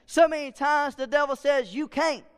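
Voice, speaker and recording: A man's voice: very high-pitched, moderate pace, in a large hall. A man preaching a sermon as pastor, often asking the congregation questions and answering them himself. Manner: preaching with call-and-response questions.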